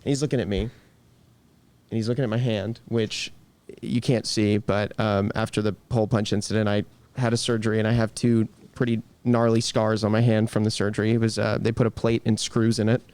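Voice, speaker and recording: A man's voice: on the low side, little pitch movement, normal speed, a little mellow. A man, a guest on a podcast, telling a story in a casual, joking, self-deprecating way.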